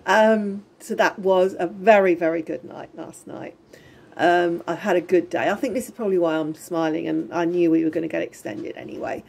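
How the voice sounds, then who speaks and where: A woman's voice: lowish voice, steady tone, normal speed, creaky, darkish tone. A middle-aged woman giving a rambling, chatty video diary from her home, often breaking into giggles. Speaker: vlogger. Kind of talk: casual lockdown diary vlog. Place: home in Spain during lockdown.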